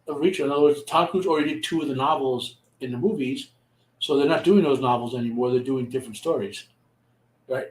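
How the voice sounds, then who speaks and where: A man's voice: mid-range voice, fast, roomy sound, low-quality recording. A man chatting as a podcast guest, telling stories in a rambling way with many restarts. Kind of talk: casual chat.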